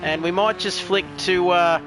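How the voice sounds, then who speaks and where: Chatty commentator with a high, bright voice, over a faint background hiss. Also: male voice, fairly even intonation, a little slow. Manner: chatty, joking, reads chat messages aloud. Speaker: race commentator. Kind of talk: sim racing commentary.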